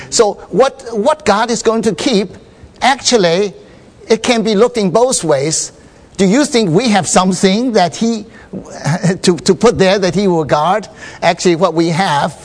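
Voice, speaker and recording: High-voiced man giving halting Bible sharing. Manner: halting, many fillers and restarts, checks listeners understand. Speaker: speaker sharing at a church meeting.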